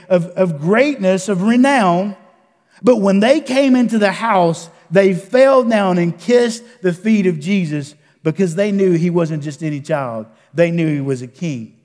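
A man preaching a sermon as a pastor, earnest and repetitive, often dropping to a quiet voice for emphasis. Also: high-pitched. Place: church sanctuary. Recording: long church reverb.

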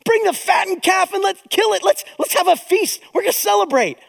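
An elated older father shouts to his servants in a high, bright voice that jumps well above the speaker's own, as a preacher acts him out. His excited, breathless calls ring with the long reverb of a large hall. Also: a little fast, gravelly, heavily acted. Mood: jubilant. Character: overjoyed father welcoming his lost son home, older man.

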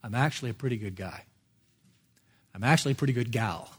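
A preacher voicing a smug churchgoer. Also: male voice, a little high, a bit bright, lightly acted. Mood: defensive. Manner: defensive, dropping to a quick confiding murmur. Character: self-satisfied churchgoer insisting he is good.

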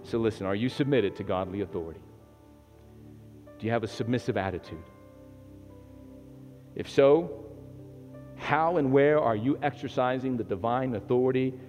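A man preaching a sermon as pastor to a live and online congregation, animated and laughing often, moving from loud exhortation to hushed prayer. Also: medium pitch. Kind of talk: sermon with call and response. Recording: long hall reverb, dull lo-fi sound, faint music.

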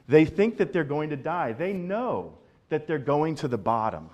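A male pastor giving a sermon in a conversational, animated way, often repeating words as he builds a point. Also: on the high side, moderate pace.

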